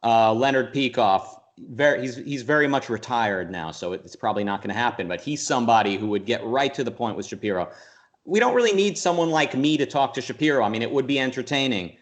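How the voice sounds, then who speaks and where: A young man chatting in an interview, working through ideas as he speaks. His pitch sits in the middle, and he stumbles and restarts often. Sometimes he slips into mocking voices. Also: expressive, a little fast. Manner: thoughtful, rambling, restarts a lot, sometimes mimics voices. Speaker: interview guest. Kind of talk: casual conversational interview.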